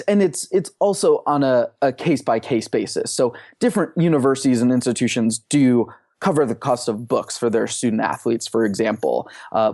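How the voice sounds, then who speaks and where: A man co-hosting a podcast, explaining calmly in casual chat with lots of ums and you-knows. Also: medium pitch. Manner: measured, explanatory, filler-heavy. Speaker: podcast co-host.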